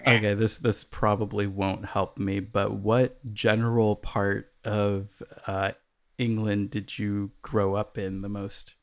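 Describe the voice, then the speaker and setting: Man, from the US, podcast host, giggly, hesitant, low pitch, gravelly fry. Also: little pitch movement, slow pace. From United States. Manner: laughs often, hesitant with ums. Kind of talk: casual podcast chat.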